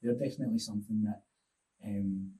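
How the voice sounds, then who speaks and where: A man's voice: lowish voice, steady tone, fairly quick, mellow, distant mic, poor audio. A man, a fitness coach and podcast guest, telling stories in a reflective, rambling way. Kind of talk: casual podcast chat.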